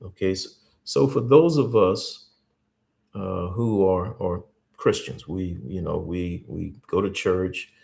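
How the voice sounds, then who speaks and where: Low-voiced man teaching. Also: gravelly, a little mellow. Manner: repeats key points slowly, earnest. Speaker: host. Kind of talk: teaching talk with faith stories.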